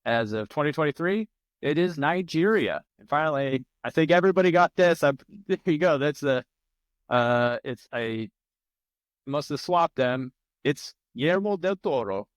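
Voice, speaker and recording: A man's voice: fairly high pitch, no echo. Joking male trivia host, dry sound. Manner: loose, joking, profane asides while reading answers. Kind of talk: casual live-stream trivia hosting. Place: home room with a large plant behind him.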